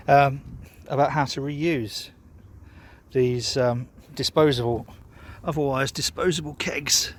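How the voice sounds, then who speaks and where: A man's voice: mid-range voice, a little hiss or hum. A man chatting casually in a rambling, sweary, self-mocking way, vlogging from his garden. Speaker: home brewer vlogger. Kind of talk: casual rambling vlog chat.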